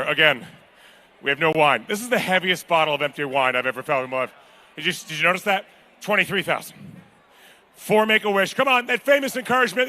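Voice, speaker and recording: High bright-voiced charity auctioneer man. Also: expressive. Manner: fast bid-calling, joking with the crowd. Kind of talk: live charity auction calling. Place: large banquet hall at a gala.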